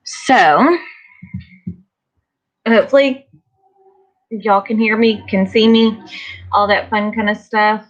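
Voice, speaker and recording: A tired, yawning woman hosting a casual livestream, chatting slowly and greeting viewers by name. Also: medium pitch, steady tone, lo-fi sound. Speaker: livestream host of a vinyl crafting channel.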